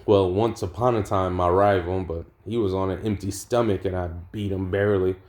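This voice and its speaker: A man's voice: low voice, steady tone, fairly quick, darkish tone, close to an everyday voice. A man voicing a one-armed male veteran fighter, nostalgic and rambling, sighing about being the last one left.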